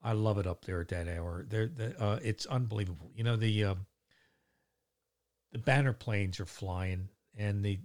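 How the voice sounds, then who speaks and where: A middle-aged man telling a casual, rambling story about his day, full of fillers and casual swearing. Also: fairly low pitch. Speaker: vlogger.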